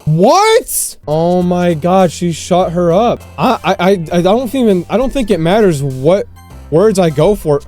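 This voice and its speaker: A man playing a horror game for the first time, reacting with excitable shouts and exclamations. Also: high-pitched, normal speed, faint music behind. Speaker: gaming streamer.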